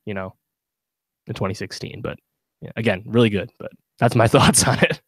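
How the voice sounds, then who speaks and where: Low-voiced rambling podcast co-host, dry sound. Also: male voice, steady tone, moderate pace, dry recording. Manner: rambling, many fillers and restarts. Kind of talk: casual chat.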